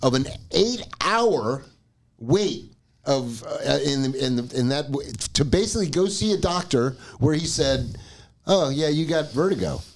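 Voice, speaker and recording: A man spinning a story on a casual podcast, his voice swooping up and down as he goes. He swears freely and talks in an animated, chatty way. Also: medium pitch, unhurried, vocal fry. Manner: animated, profane, laughs mid-story. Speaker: podcast co-host.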